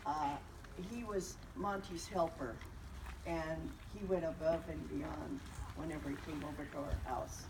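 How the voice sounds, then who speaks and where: A woman's voice: low-pitched, steady tone, unhurried. An older woman sharing plain recollections at a memorial and making a short announcement. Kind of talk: eulogy at a memorial. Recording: distant mic, noisy room.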